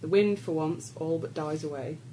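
A woman stands in as game master and reads the scenario aloud. Her voice sits a little low, and her reading is casual and teasing. Faint room hiss runs under her. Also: moderate pace, dark tone, rough recording.

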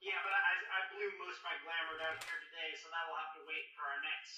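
A man's voice: fairly high pitch, steady tone, fast, recorded from a distance, crowd noise. A man playing in a tabletop game, talking in an amused, hesitant way. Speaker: player. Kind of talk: casual chat at a game table. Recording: echoey room, off-mic.

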